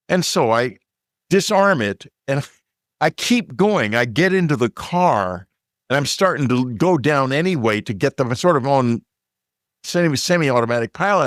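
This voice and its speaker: A man from Texas telling a personal story in a relaxed, conversational way, with fillers and side remarks. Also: a little high, no room sound, clean studio sound. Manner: unhurried, plain storytelling with fillers and asides.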